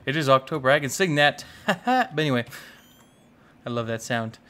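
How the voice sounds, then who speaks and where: With a mid-range, somewhat bright voice, this young man comments expressively at a normal speed, leaving long pauses. He's a gaming YouTuber doing a laid-back, playful Let's Play of his own gameplay, chiding the animals and muttering to himself along the way.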